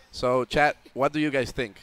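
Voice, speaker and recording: A young man, a tournament player, telling an animated story to a chat audience and acting out the voices in it. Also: mid-range voice, unhurried, clean tone. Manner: lively, acts out voices in the story. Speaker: interview guest, tournament player.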